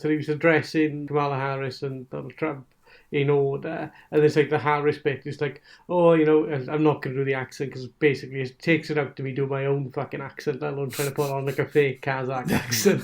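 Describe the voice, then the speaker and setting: A man's voice: fairly high pitch, flat delivery, fast talker. A man talking as a podcast guest in a rambling, sweary way, laughing between his points. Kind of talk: casual podcast chat.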